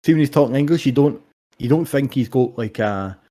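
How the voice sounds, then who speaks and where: A man's voice: mid-range voice, fairly quick, dark tone. A young Scottish man chatting casually about fights as a co-host, swearing freely and telling stories with animation. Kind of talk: casual sports chat.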